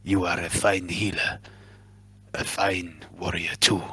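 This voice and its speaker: A man voicing a calm, persuasive male warrior in a whispered role-play. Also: low-pitched, slow, husky, pitched below the performer's own voice, heavily acted.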